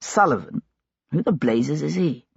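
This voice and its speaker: A woman's voice: low-pitched, lively intonation, measured pace, vocal fry, breathy edge, no echo, voice pushed down, full character voice. A woman voicing a stern, probing nobleman. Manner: probing and terse. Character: stern determined male nobleman investigator. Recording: dull dry lo-fi recording.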